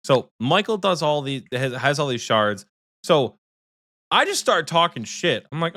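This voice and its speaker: Animated, profane man telling a story. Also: fairly high pitch, no echo, studio quality. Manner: rapid bursts of speech. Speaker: podcast co-host. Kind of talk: casual storytelling chat.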